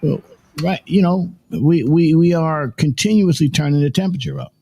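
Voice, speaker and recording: A man's voice: on the high side, moderate pace, vocal fry, dark tone, a little hiss or hum. A man hosting a morning livestream show, talking in a rambling, casual way and repeating himself as he works through his points.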